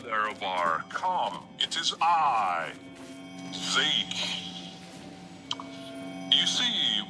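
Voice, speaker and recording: An AI voice of a slow, grand god-villain. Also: male voice, mid-range voice, big pitch swings, over music. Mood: grandiose.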